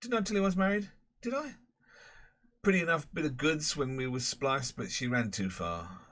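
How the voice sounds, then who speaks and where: A man's voice: a little high, expressive, normal speed, a bit bright, voice pushed up. A man voicing a boastful, rambling middle-aged London pub owner and former crook with a Cockney accent.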